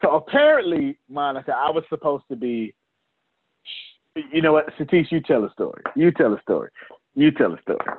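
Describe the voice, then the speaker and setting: A man leading a business coaching session on a video call. He talks in an animated way and addresses attendees by name. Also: on the high side, fairly quick, husky. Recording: tinny phone-like call audio.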